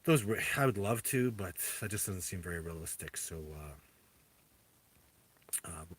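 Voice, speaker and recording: A man hosting a casual livestream, answering viewer questions in a rambling, halting way with many restarts. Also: low-pitched, expressive, husky. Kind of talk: casual live chat.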